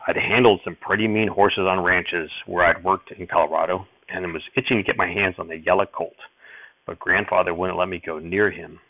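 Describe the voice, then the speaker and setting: A man reading a memoir aloud in a steady, measured audiobook narration. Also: sits low, gravelly, dry recording. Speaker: audiobook reader. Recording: dry tinny phone-like sound.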